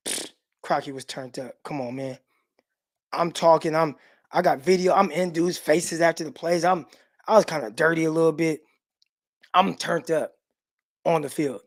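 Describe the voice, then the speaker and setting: Relaxed and conversational, a middle-aged sports show host speaks straight to his livestream viewers, reads out their comments, and peppers his loose, chatty talk with lots of casual "like"s. His voice is a little high, at a moderate pace with frequent pauses.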